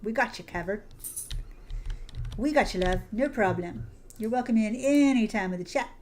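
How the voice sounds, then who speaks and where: Calling her viewers "sweetie" and "hon," a woman streaming a game keeps up warm, casual chat as she plays. She speaks at normal speed in a slightly high, slightly mellow voice, over slight background noise.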